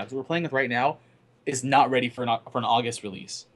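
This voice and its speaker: A man's voice: mid-range voice, steady tone, quick pace, fairly bright tone. A young man co-hosting a casual gaming podcast, explaining things steadily and often restarting his words. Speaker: podcast co-host. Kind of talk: casual gaming news chat.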